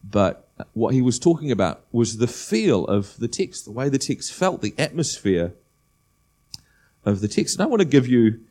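A man preaching a sermon, talking conversationally and building to animated emphasis. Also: mid-range voice, moderate pace. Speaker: pastor.

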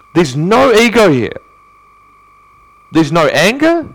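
Lively, earnest male pastor preaching. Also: mid-range voice, moderate pace, long pauses, no echo. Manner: earnest preaching with rhetorical questions, swinging from emphatic to hushed. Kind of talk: sermon.

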